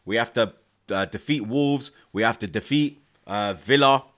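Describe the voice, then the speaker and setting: A young man hosting a live football watchalong, excitable and repetitive, taunting rival fans. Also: mid-range voice, moderate pace. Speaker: host of a football watchalong stream. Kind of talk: live fan reaction stream.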